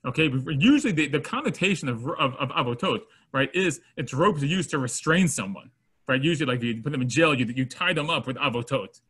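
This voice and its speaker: A man with a slightly high, husky voice speaks a little fast while teaching a Torah lesson to students. He mixes Hebrew terms into his English and animatedly acts out everyday scenes, giving the people in them quoted voices.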